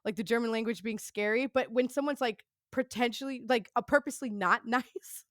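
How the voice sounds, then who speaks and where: A woman telling a story as a podcast guest, rambling and profane, peppering her talk with laughs and quick "right?" asides. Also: a little high, no room sound, clean studio sound. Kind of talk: casual storytelling.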